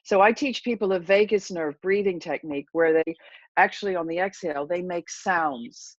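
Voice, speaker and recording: A woman's voice: fairly low pitch, moderate pace, no echo, highs cut off. A woman therapist giving an interview, explaining self-help techniques and coaching a breathing exercise in a confident, instructive way. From England. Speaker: therapist and hypnotherapist guest. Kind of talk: interview answers with a guided breathing demo.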